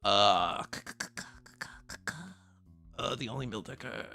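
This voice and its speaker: A man's voice: lowish voice, slow, gravelly, bright, forceful tone, faint music behind. A man chatting casually on a live stream, rambling through announcements and swearing freely, sounding tired and burnt out.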